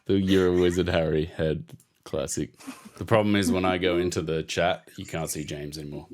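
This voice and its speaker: A man's voice: sits low, steady tone, normal speed. A man in casual chat co-hosting a stream, joking and laughing a lot.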